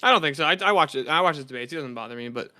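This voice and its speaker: A brash man reacts on a live stream in a high, bright voice. He talks very fast and swears a lot. The sound is crisp and dry. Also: lively intonation, no echo. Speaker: streamer, co-host. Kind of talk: casual live-stream commentary.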